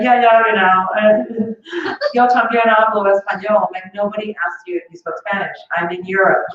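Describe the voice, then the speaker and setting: A woman from Colombia performs stand-up on a club stage, animated and quick to laugh at her own lines. Her voice sits in a middle register. It comes from some way off the mic, in a very echoey room with a dull, lo-fi sound. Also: mid-range voice, recorded from a distance. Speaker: stand-up comedian opening an open mic. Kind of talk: stand-up comedy set.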